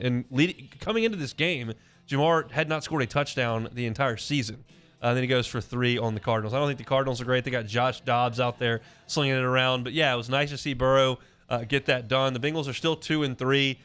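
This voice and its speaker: Smooth-voiced sports radio host. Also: male voice, medium pitch, fairly bright tone. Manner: conversational, opinionated, many restarts. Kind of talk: casual sports talk. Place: radio studio. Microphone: studio mic.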